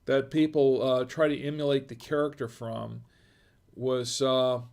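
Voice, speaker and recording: A man's voice: medium pitch, flat delivery, measured pace, vocal fry, a little mellow. A middle-aged man hosting a wine review livestream, chatting casually in a rambling, digressive way and chuckling often. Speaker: host of a wine review show.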